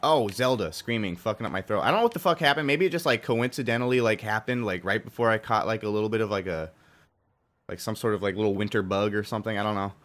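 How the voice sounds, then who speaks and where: A young man with a hoarse, roughened voice that sits a little low, chatting loosely with a live audience while he plays a racing game. He rambles, swears freely and tends to jump up loud when something annoys him. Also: fast talker. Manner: casual, profane, rambling, with sudden loud outbursts. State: hoarse, strained throat. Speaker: gaming streamer. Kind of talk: live stream commentary.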